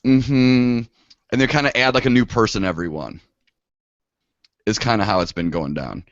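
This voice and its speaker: A man's voice: lowish voice, normal speed, no room sound. A young man co-hosting a podcast, talking in a laid-back casual way with lots of fillers. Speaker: podcast co-host. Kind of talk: casual chat. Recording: dull lo-fi dry sound.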